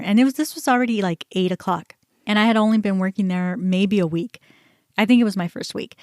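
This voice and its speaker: A woman talks candidly as a podcast host, recounting her own experiences in a conversational way. Her voice sits at a middling pitch, and the recording is close and dry, with no room sound. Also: a little fast, darkish tone, no room sound. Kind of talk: personal storytelling.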